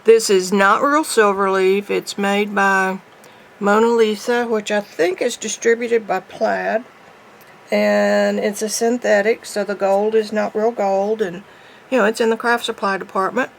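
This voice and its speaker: A woman's voice: mid-range voice, little pitch movement, unhurried, vocal fry, low-quality recording. A woman, chatting folksily through a painting tutorial as she works. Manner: chatty, folksy, thinking aloud while painting. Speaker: painting teacher.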